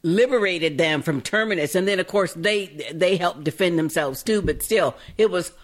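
A woman co-hosting a podcast, chatty and eager to agree in casual talk. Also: fairly low pitch. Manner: chatty, quick to laugh along. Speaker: podcast co-host. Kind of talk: casual chat.

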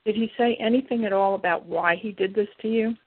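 A woman voicing a calm, protective male demon in a plain, measured way. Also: mid-range voice, husky, no echo, lightly acted. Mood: reassuring. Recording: tinny phone-like, dry.

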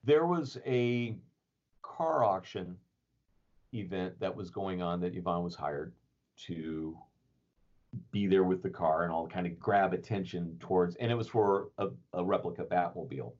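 A man's low, slightly mellow voice moves at a measured pace while he tells a story as a podcast guest, casual and rambling, with many fillers and chuckles. Audio quality is dull lo-fi.

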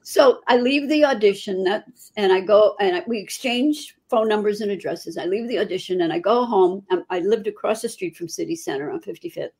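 An older woman recounts her past with the lively pull of a born storyteller. Her voice is husky and sits at a middle pitch. The telling stays conversational and anecdotal. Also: fairly quick, hardly any pauses. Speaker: guest performer. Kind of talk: storytelling in casual chat.

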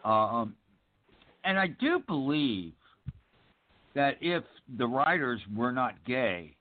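Lively-voiced man, tinny phone-like sound. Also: mid-range voice. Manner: earnest and measured, makes his points with fillers. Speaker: movie commentary co-host. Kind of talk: casual chat over a movie.

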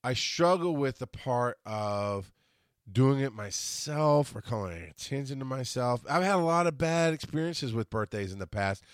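A man's voice: medium pitch, moderate pace, no room sound, studio quality. A man in his forties hosting a podcast, talking on his own in a casual, rambling way, often restarting and correcting himself. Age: 40s. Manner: rambling, restarts and self-corrections, animated when quoting others. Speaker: podcast host. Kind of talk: casual solo monologue.

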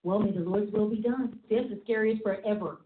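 A woman apostle with a medium-pitched voice and fairly even intonation preaches a teaching sermon a little fast. She's emphatic and repetitive yet chatty, often laughing. The sound is tinny and phone-like, in an echoey room.

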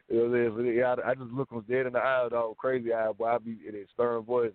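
Fast-talking brash man, phone line. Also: medium pitch, level tone, dry recording. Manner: brash, profane slang talk. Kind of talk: casual radio talk.

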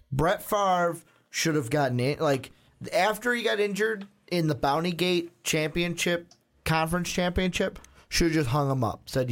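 A man hosting a casual sports podcast, rambling through anecdotes with quoted asides. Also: on the high side. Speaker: podcast host.

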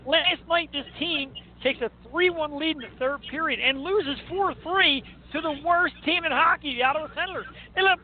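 A man hosting a talk show, chatting and ranting about sports in an excitable, joking way. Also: extremely high pitch, moderate pace, few pauses. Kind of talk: casual sports rant and chat. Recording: tinny phone-like line with faint noise.

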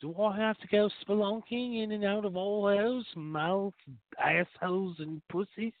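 Comic bit: a man putting on an eager, pleading talking penis, pitched well up, over a tinny phone line. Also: measured pace, no room sound. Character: eager talking male penis, asks boss for orders.

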